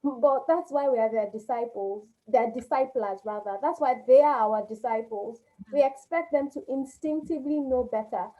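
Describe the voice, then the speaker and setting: A woman's voice: a little high, normal speed, mellow. A woman hosting a webinar, reflecting thoughtfully on what her guest just said. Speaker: webinar host. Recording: dull lo-fi webinar audio.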